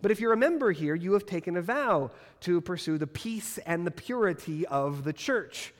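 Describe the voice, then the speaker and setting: Man preaching with a higher voice in a church hall. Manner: expressive preaching with strong pitch swings and emphatic slowing. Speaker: pastor. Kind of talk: sermon. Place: church sanctuary.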